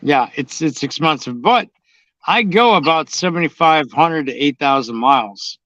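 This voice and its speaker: Casting note: a blunt man who swears freely, voice on the higher side, dull lo-fi recording. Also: animated, moderate pace, a bit bright, no room sound. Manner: blunt, swears constantly, drawling storyteller. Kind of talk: casual profane chat. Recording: dull, dry lo-fi sound.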